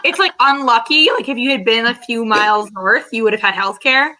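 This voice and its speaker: A woman's voice: on the high side, a little fast, pushed and bright. A Canadian woman chatting casually with friends on a video call, telling jokey stories. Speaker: co-host. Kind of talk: casual group chat over video call.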